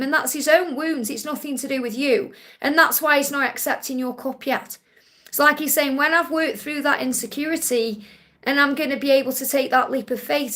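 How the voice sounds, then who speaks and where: Female live-stream psychic host, high voice, gentle, reassuring delivery. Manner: gentle and reassuring, ends points with a soft "okay?"; relays messages in first person with emphatic repetition. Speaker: psychic card reader hosting a live Q&A.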